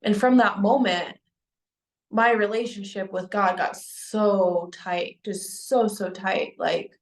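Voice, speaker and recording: Young woman, earnest spiritual vlogger, halting delivery, mid pitch, roomy echo. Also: steady tone. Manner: earnest, halting with many restarts and fillers. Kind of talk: personal testimony to camera. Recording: echoey room.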